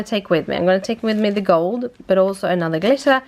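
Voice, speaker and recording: A woman's voice: mid-range voice, quick pace. A tired young woman vlogging casually at home, chatty and rambling, with a British-tinged accent. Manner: rambling, self-correcting, chatty. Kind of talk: casual vlog chat.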